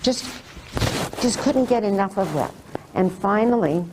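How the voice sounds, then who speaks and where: An older woman telling a personal faith testimony, retelling it animatedly with lively quoted speech. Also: mid-range voice, a little slow, background noise. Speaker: testimony speaker.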